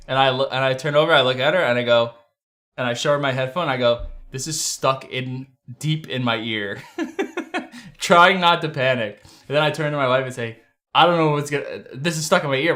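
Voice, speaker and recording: A young adult man hosting a casual livestream from his desk, telling a story in an animated, profane way. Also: mid-range voice. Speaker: livestream host. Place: home desk.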